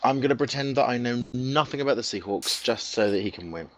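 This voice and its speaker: A man's voice: mid-range voice, animated, fast, noisy background. A man with an English accent, a regular on a fan podcast, teasing the others with dry humor. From England. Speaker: co-host, trivia player.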